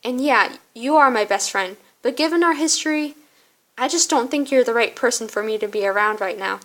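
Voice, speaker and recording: A hurt young college woman, curt and sarcastic, wanting to be left alone, as a woman reading a story game acts her out. Her voice runs a touch high. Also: a little fast, a bit bright, lightly acted.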